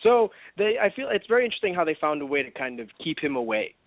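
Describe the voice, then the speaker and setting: A podcast co-host rambles through casual chat, full of fillers and restarts, talking fast. His slightly high voice swings widely in pitch, and the dry, thin recording sounds like a phone line.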